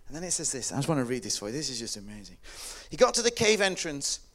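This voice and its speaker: A man preaching a sermon, telling the story dramatically and swinging from loud calls to hushed words. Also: mid-range voice, very animated, fast. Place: hall or church with a microphone.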